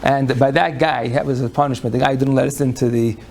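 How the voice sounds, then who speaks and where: A man's voice: mid-range voice, little pitch movement, brisk, vocal fry, a little mellow, a little hiss or hum. A man lecturing on Jewish law to a live audience, folksy and conversational, often restarting his phrases. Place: lecture room before an audience.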